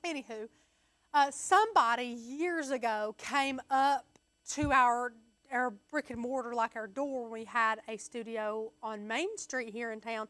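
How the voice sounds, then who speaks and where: A woman's voice: on the high side, unhurried, a bit bright, dry recording. A young adult woman chatting casually as a co-host, telling stories, acting out quotes and laughing often. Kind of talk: casual livestream chat.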